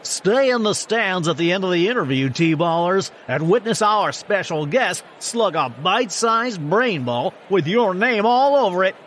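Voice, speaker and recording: A man voicing a booming ballpark-style show announcer with a showy, sing-song hype delivery, over faint background noise. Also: expressive, measured pace, few pauses, fairly bright tone. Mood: hyped.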